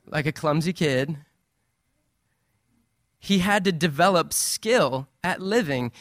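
A man delivers a sermon with a slightly high voice, talking to the congregation like friends, animated and playful. The sound is dry and close, with no room echo. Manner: conversational, animated preaching with playful asides. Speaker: pastor.

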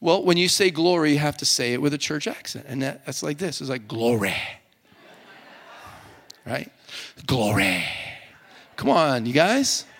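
A male pastor preaching a sermon to his congregation in a relaxed, joking, conversational way. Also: on the high side, a little fast, hardly any pauses. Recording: long hall reverb.

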